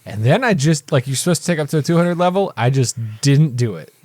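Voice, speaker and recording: A man co-hosting a movie podcast in casual chat, chatty and quick to laugh. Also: fairly high pitch, expressive, a little mellow, no echo. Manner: chatty, reads reviews aloud, laughs easily. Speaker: podcast co-host.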